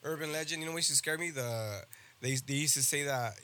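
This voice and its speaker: Fast-talking bright-voiced man joking around. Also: on the high side. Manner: joking, swearing, quick banter. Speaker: podcast co-host. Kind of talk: casual chat.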